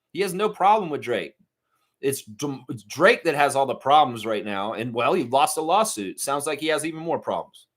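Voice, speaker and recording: A man hosting a live stream, chatting casually, reading viewer comments and breaking into mocking outbursts. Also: fairly high pitch. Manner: animated, swings into mocking impressions and shouts; reads and answers viewer chat.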